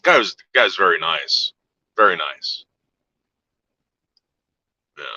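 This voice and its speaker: A man with a low, very bright and forceful voice tells a story in casual chat. He rambles and swears freely, often repeating words and restarting. The recording is dry and a little dull. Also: lively intonation, slow, no room sound.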